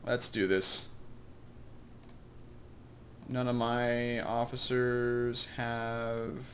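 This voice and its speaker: A man talks through a video game at a mid pitch in a loose, meandering way, poking fun at his own choices and chuckling as he goes. Faint keyboard tapping sits quietly behind him. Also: completely flat delivery, very slow, slight background noise. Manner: rambling, self-deprecating, chuckling asides. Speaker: let's play host. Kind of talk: casual gameplay commentary.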